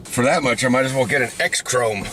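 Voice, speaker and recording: A man chatting casually in a car, joking with quick asides. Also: medium pitch, background noise. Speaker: vlogger, football player. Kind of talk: casual chat.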